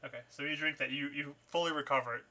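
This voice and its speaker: A man's voice: fairly high pitch, steady tone, fast, sharp tone. A man narrating as game master in a tabletop game, in a loose, conversational way with fillers.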